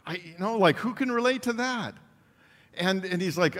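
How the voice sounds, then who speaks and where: A man's voice: high voice, moderate pace. A man preaching a sermon in a storytelling way, acting out the voices in his anecdotes and laughing often. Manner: animated, acts out quotes, laughs often. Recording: long hall reverb.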